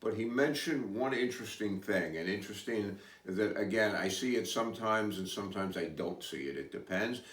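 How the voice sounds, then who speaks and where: A man's voice: on the low side, moderate pace, hardly any pauses, a bit bright, far from the mic. A man hosting a podcast who tells stories in a casual, rambling way, hesitant and full of asides. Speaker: podcast host. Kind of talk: casual storytelling chat. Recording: roomy, away from mic.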